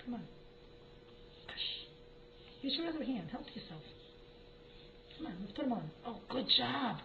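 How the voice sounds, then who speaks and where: A woman at home slowly and encouragingly coaching a child through word practice, with lots of repetitive prompting. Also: on the high side, sing-song, gravelly, noisy background. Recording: dull lo-fi home video.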